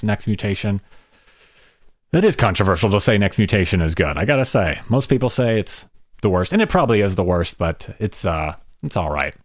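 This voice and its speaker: A man hosting a podcast, asking questions in a relaxed, self-deprecating way. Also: fairly low pitch, no room sound, clean studio sound. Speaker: podcast host. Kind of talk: casual podcast interview.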